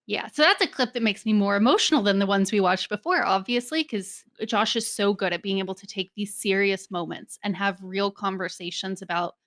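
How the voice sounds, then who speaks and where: A woman's voice: mid-range voice, brisk, hardly any pauses, a bit bright, dry recording, studio quality. A woman co-hosting, casually introducing video clips with a few hesitations. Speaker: co-host presenting clips. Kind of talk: casual chat.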